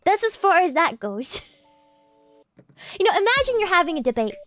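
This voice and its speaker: A woman streamer rambling playfully in casual chat, giggly and animated. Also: very high voice, moderate pace, faint music behind. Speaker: VTuber streamer.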